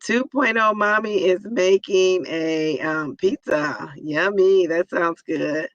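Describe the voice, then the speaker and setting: A hoarse, raspy woman in her forties hosting a live stream, chatting casually and greeting viewers by name. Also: on the low side, slow pace, no echo, dull audio. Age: 40s.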